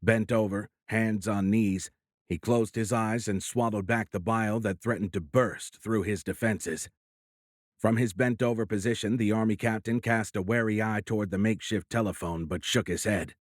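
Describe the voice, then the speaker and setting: A man narrates a thriller audiobook in a low, measured voice. His reading is dramatic but steady. The sound is close and dry, with no room around it. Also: dry recording. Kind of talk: scripted narration.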